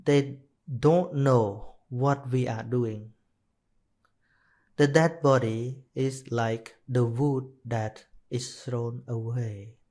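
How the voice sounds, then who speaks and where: Slow, hesitant man telling a teaching story. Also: mid-range voice, fairly even intonation, darkish tone. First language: Khmer. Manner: slow, hesitant, with many restarts and self-corrections. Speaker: Buddhist monk teaching dharma. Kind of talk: live dharma talk, telling a story.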